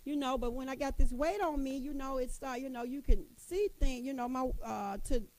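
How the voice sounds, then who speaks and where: A middle-aged woman gives a motivational talk with a high-pitched but mellow voice. She is folksy and emphatic, circling back to the same phrases and calling her listeners honey. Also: normal speed, rough recording. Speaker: motivational speaker addressing women.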